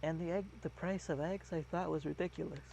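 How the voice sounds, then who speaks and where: A man's voice: fairly high pitch, steady tone, brisk, creaky, a little mellow, slight background noise. A man streaming a game, chatting casually in a rambling, musing, self-mocking way. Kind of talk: casual gameplay chat.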